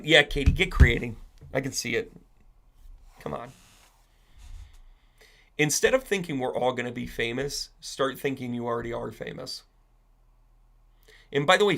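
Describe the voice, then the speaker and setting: A chatty man hosting an astrology and tarot live stream. His voice has a gravelly, rough edge, and he keeps a medium pitch. He rambles from topic to topic, answers viewers by name, and tags his points with "right?". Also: fairly bright tone. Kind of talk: casual live-stream chat.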